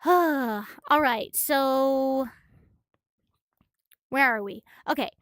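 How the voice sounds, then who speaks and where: Woman streamer, high voice, excitable, out of breath, casual cursing, dry close mic. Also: very slow, no echo. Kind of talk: casual manga recap stream.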